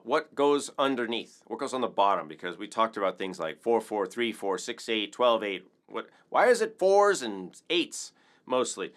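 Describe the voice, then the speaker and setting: A man's voice: medium pitch, a bit bright. A man teaching a casual rhythm lesson, upbeat and chatty, counting beats aloud. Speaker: percussion teacher.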